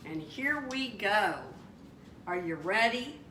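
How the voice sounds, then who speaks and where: A woman chatting excitedly as she cooks a meal at home, exclaiming as she goes. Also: mid-range voice, unhurried. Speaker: home cook showing a recipe. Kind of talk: casual cooking demonstration. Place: home kitchen. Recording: echoey kitchen, distant mic, frying noise. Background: sizzling frying pan.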